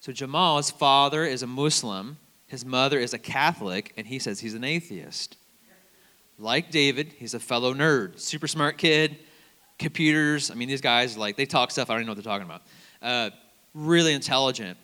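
A man preaching a conversational sermon as a campus minister, telling stories in an animated way and quoting other people's words. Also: medium pitch, normal speed. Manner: conversational, animated storytelling with quoted voices. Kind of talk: sermon with storytelling. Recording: long hall reverb.

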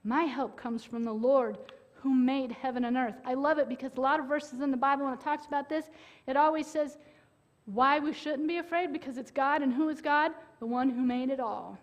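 A woman preaching a sermon in an earnest way, with dramatic pauses and sudden loud bursts. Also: high-pitched.

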